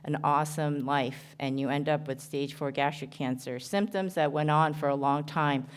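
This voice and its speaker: Low smooth-voiced woman surgeon w/ a new jersey accent, earnest conference talk, lots of ums. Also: fairly even intonation. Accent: American, New Jersey. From Korea. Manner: earnest, halting with frequent ums and restarts. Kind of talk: conference presentation.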